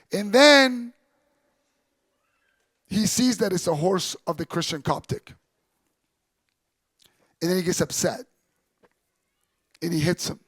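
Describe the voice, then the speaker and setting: High-voiced man telling a sermon story. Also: dry recording. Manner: animated storyteller, quotes figures in dropped voice. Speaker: Islamic lecturer. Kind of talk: storytelling religious talk.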